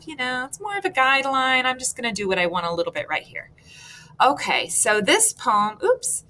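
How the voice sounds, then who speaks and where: A woman with a bright, sharp voice teaches a recorded lesson over slides. She stretches out key syllables, adds casual asides and keeps checking in with her students. A faint hiss runs underneath. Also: medium pitch. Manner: explains slowly, stretches stressed syllables.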